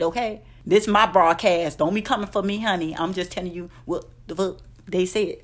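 A woman in a casual vlog, sassy and blunt, handing out profane relationship advice. She scolds her listeners in a familiar way and keeps calling them "honey". Her voice sits at an ordinary middle pitch. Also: normal speed. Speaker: advice vlogger. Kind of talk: casual advice rant to camera.

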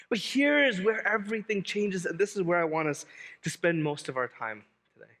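A male pastor delivering a lively, joking sermon and driving points home by repeating them. His voice is high and bright, with a long reverb tail from a large hall. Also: fairly quick. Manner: animated, humorous, repeats key phrases.

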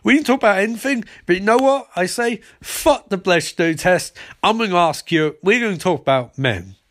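A brash, bossy woman detective rants in a high, swooping voice, as a man puts her on for a comedic recap. She is crude and pushy, and she barrels through her lines. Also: animated, normal speed, a bit bright. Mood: ranting. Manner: brash, swearing, rising pitch.

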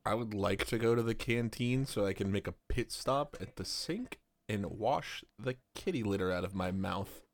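A man's voice: lowish voice, moderate pace, hardly any pauses. A man playing a character in a comedy tabletop game, joking casually with hesitant fillers. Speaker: player. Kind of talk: improvised role-play.

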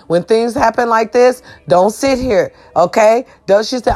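A woman's voice: animated, normal speed, hardly any pauses. A woman telling a story to her viewers in a casual rant, swearing a lot and acting out what people said. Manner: profane, loud, dramatic, addresses viewers as y'all; acts out quoted voices with big pitch jumps. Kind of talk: animated storytime rant to camera.

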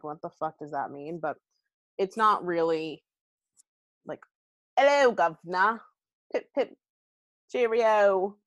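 Woman host, chatty and unfiltered, slightly low voice, close and dry. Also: dry recording. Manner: chatty and candid, rambling asides with frequent likes and ums. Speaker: podcast host. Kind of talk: casual book review chat.

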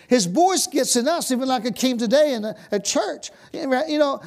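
A man's voice: extremely high pitch, expressive, moderate pace, hardly any pauses. An American man preaching a sermon, exclaiming bursts of praise and dropping suddenly to a whisper. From United States.

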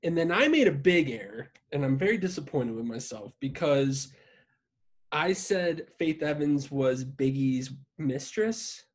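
A man's voice: a little high, expressive, a little slow. A man co-hosting a podcast in casual chat, swearing freely and rambling in a self-deprecating way. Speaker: podcast co-host.

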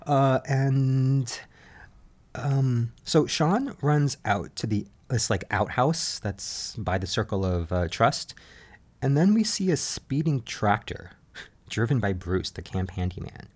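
A man's voice: mid-range voice, lively intonation, takes it slowly, a little mellow. A man hosting a podcast, recapping a reality show in casual, gossipy chat and laughing often. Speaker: podcast host.

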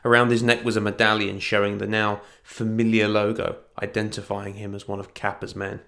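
Man, narrator, low voice, fantasy audiobook, even delivery. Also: a little fast, creaky. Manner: even, storytelling.

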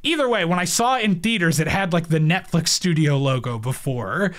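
A man's voice: a little high, lively intonation, a little fast. A man co-hosting a podcast, chatting casually about a movie, rambling with lots of "like" and frequent laughter. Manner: rambling, heavy use of "like", laughs often. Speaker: podcast co-host. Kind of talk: casual chat reviewing a movie.

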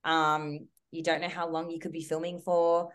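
A young Australian woman, a guest on a podcast, tells a story in a casual chat, rushing through it with lots of animation. Her voice sits slightly low, and she drops "like" into every sentence and swears freely.

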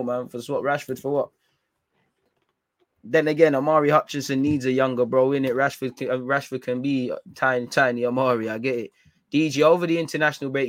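A man's voice: mid-range voice, dry recording. A young man, casually chatting through viewer comments on a football livestream, slangy and trailing into fillers. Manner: laid-back slangy banter, trailing off into fillers.

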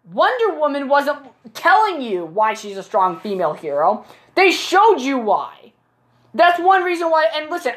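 A woman's voice: sits high, fairly bright tone. A woman giving a casual, blunt and opinionated movie review, exasperated and swearing freely.

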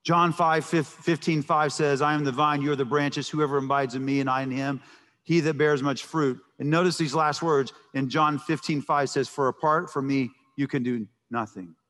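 The long reverberation of a big hall surrounds this male pastor as he preaches emphatically in a church sanctuary, tending to repeat words when starting a thought. His fairly high, fairly bright voice keeps a moderate pace and fairly even intonation.

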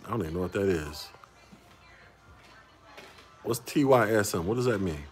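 A man's voice: on the low side, lively intonation, normal speed, faint music behind. A man in his forties hosting a casual livestream and chatting with viewers, rambling, repeating words and chuckling often. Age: 40s. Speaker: livestream host reading chat.

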